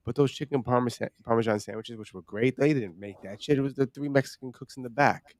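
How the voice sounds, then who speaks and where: A man's voice: medium pitch, fast, darkish tone. A man hosting a comedy podcast, talking casually in a rambling, profane way. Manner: rambling, profane, laughing loosely. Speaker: podcast host.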